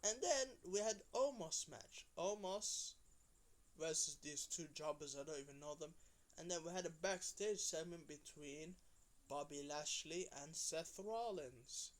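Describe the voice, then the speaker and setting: A man's voice: on the high side, measured pace. A man giving a casual, rambling recap of a wrestling episode. He talks with lots of fillers and restarts, and he briefly changes his voice when he quotes people. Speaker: wrestling show reviewer.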